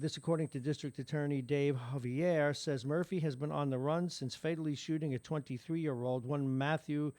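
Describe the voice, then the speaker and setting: Morning radio host, male, New York accent, gravelly, dry close mic, wry asides between headlines. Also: fairly high pitch, darkish tone, no room sound. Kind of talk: reading local news with side commentary. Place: radio studio.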